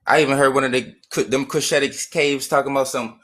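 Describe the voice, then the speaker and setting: A man's voice: mid-range voice, fairly even intonation, fast, a bit bright. Man ranting, profane and emphatic. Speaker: streamer. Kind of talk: heated casual rant.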